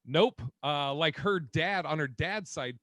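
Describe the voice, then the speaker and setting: A man co-hosting a casual podcast, telling gossip with lots of profanity and quick impressions of people. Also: fairly high pitch, no room sound. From Boston area. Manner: profane, animated storyteller who mimics others. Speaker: podcast co-host. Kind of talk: casual chat.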